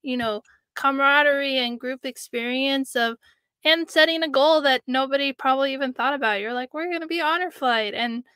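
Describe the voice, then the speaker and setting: A woman's voice: high voice, brisk, pushed and bright, dry recording, studio quality. A woman hosting a podcast interview, asking questions and reacting with enthusiasm. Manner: enthusiastic, chatty. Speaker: podcast host.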